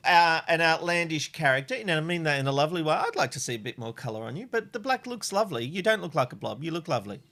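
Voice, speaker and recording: A man's voice: on the high side, sing-song, fast, hardly any pauses, fairly bright tone. A man hosting a talk show, upbeat and playful, then reading news steadily. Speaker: host. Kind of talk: casual chat and news reading.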